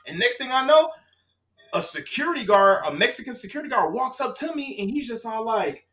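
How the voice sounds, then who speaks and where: Man from Florida, casual storyteller, bright voice, swinging up and down a lot. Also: quick pace. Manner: animated, laughing, swings from low mumble to loud shouting. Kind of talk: casual storytelling among friends.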